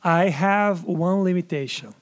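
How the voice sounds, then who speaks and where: A man from Brazil whose first language is Portuguese, a stand-up comedian speaking English in a casual chat, deliberate and searching for words. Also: high voice.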